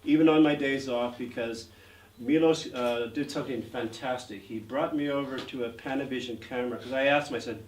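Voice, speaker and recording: A man's voice: medium pitch, fairly even intonation, brisk. A man in his sixties, an actor guest telling stories in an interview, rambling with lots of "uh" fillers. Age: 60s. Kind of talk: anecdotal interview storytelling. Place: art gallery event. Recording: roomy, distant mic, faint noise.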